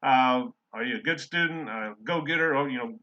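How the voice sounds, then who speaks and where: A middle-aged man talks through a course assignment in a loose, rambling way, full of ums and uhs. His voice is bright and forward, at a middle pitch for a man. The recording sounds a little dull and lo-fi, like a desktop mic during a screen share. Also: normal speed. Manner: casual, rambling, many fillers. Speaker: college English instructor. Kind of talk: recorded class lecture. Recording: slightly dull lo-fi audio.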